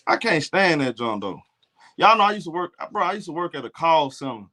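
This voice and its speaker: A man's voice: a little high, very animated, a little fast, pushed and bright. A man from Alabama with a Southern accent, streaming casual live game talk in a blunt, profane, trash-talking way. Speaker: sports streamer.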